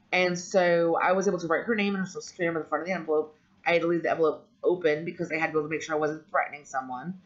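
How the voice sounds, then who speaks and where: A woman vlogger telling a personal story in a candid, rambling way, with frequent ums and restarts. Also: sits low. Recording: dull lo-fi audio.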